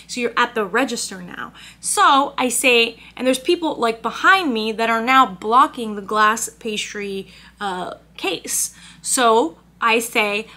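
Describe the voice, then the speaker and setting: A woman's voice: a little high, a little slow, sharp tone. A woman vlogger telling a story as a rant, brash, profane and exasperated. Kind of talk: ranting storytime.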